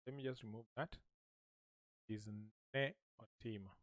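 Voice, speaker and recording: A man teaching a language lesson, saying short phrases slowly and repeating them so listeners can echo him. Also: medium pitch, fairly bright tone.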